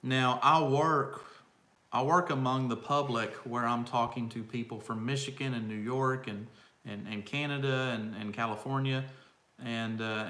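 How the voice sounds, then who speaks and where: A man's voice: medium pitch, bright, forceful tone. A middle-aged man from south central Kentucky with a Southern accent, chatting easygoing on a live stream with his wife. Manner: slow, easygoing drawl. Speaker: co-host, park guide. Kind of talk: casual live-stream chat. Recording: echoey room.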